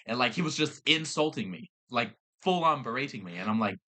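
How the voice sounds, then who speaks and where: A man's voice: mid-range voice, animated, brisk, bright, forceful tone. A young man hosting a podcast, telling stories in a casual, exasperated rant with swearing and restarts. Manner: exasperated ranting with profanity and restarts. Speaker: podcast host. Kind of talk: casual storytelling chat.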